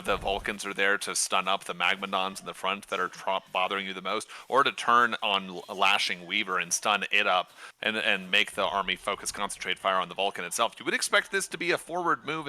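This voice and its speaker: A man casting a strategy game match, giving quick analytical play-by-play with playful asides. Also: on the low side, bright, forceful tone, slight background noise. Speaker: game commentator. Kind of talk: esports caster commentary.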